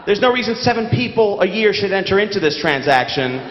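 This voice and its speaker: Sardonic New stand-up, echoey hall. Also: male voice, high voice, brisk. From New York. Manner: sardonic, deadpan storytelling. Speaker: stand-up comedian. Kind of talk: stand-up comedy set. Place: large theater stage. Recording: echoey theater hall, dull lo-fi.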